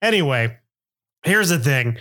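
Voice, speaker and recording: A man's voice: mid-range voice, big pitch swings, unhurried, sharp tone. A middle-aged man hosting a podcast, narrating casually in a rambling, self-deprecating way with many fillers. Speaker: podcast host.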